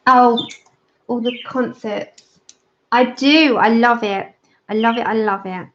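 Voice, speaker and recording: A woman's voice: on the high side, fairly even intonation, slow pace, a little hiss or hum. A woman hosting a livestream, chatting casually while she colors and answers viewers in the chat. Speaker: livestream host. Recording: slightly dull lo-fi sound.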